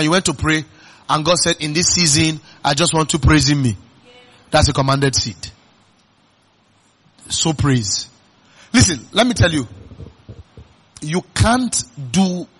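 A male pastor with a Nigerian accent and a breathy edge to his voice preaches a sermon. He repeatedly puts questions to the congregation in call-and-response style, shifting between loud, emphatic bursts and quiet, low asides.

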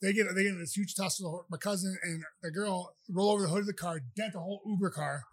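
A man who is a professional fighter, chatting as a podcast guest and telling rambling, animated anecdotes. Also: high voice, fast, husky, dry recording. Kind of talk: casual storytelling.

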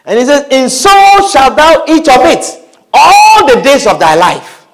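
Animated, high-voiced male preacher. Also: a little slow. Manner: repeats phrases, reads scripture aloud, asks the congregation questions. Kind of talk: sermon.

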